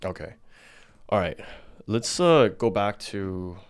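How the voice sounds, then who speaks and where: A man's voice: on the low side, expressive, takes it slowly, smooth. A man hosts a podcast and presses his guest with blunt, doubting questions. He swears casually and pushes back on her answers. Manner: blunt, skeptical, swears freely. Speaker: podcast host.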